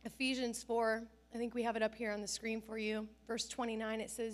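A woman's voice: a little high, little pitch movement, a little fast, hardly any pauses. A woman pastor preaching a conversational sermon, telling stories with self-deprecating humor.

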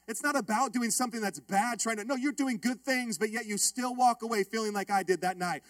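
A male pastor telling a funny story in his sermon, joking with and calling out to the congregation in a lively way. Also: very high-pitched, moderate pace, hardly any pauses, no room sound. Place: church.

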